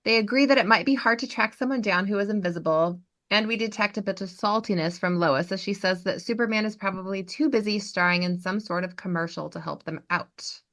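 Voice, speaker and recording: A woman hosting a podcast, recapping a TV episode as an animated storyteller. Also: mid-range voice, brisk, few pauses. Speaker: podcast host.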